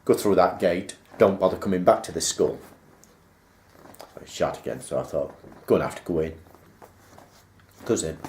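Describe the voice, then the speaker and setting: A man's voice: deep voice, moderate pace, long pauses, darkish tone. A man casually recounting a school memory, rambling and acting out the remembered dialogue. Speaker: vlogger. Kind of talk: casual personal storytelling. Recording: roomy echo.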